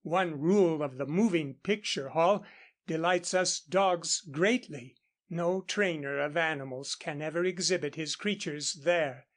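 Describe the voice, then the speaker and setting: A man reading a classic novel aloud as an audiobook in a steady, even narration. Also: a little high, a little slow. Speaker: audiobook reader. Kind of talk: scripted narration.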